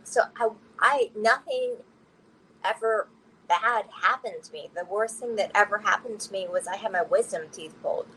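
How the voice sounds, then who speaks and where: A woman's voice: mid-range voice, moderate pace, pushed and bright, a little hiss or hum, rough recording. A woman telling her personal story candidly as an interview guest, often laughing through difficult memories.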